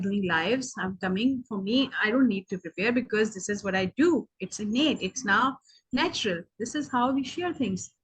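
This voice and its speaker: A woman's voice: a little high, slightly rough, low-quality recording. A woman whose first language is Urdu, talking earnestly in a casual video meeting and rambling with many "okay" fillers. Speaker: meeting participant.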